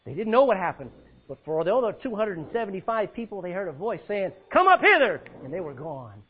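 A male pastor preaching a sermon, swinging between loud cries and hushed words as he quotes scripture in old-fashioned style. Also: sits high, expressive, quick pace, breathy edge, dull audio.

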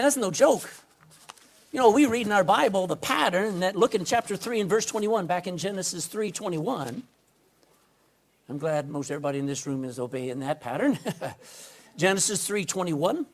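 Animated, high-sitting, and at normal speed with long pauses, a pastor's voice fills an indoor room as he preaches to the congregation. His style is folksy and emphatic, with frequent calls for an amen.

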